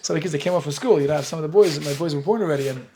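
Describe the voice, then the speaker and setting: A middle-aged man with an American accent, a rabbi telling lively stories while teaching a Talmud class and acting out the dialogue. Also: on the high side, very fast, background noise. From United States. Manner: animated storyteller, acts out dialogue, laughs often.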